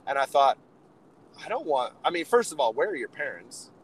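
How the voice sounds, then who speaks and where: A man's voice: fairly high pitch, very animated, moderate pace, low-quality recording. Rambling man telling a road story. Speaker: podcast co-host. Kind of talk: casual chat. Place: in a vehicle on the road. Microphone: handheld mic.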